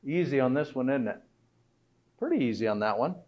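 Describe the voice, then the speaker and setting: A man's voice: mid-range voice, expressive, a little fast, dull audio. A middle-aged man giving a conversational health talk to an audience, often tossing out rhetorical questions. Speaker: health speaker.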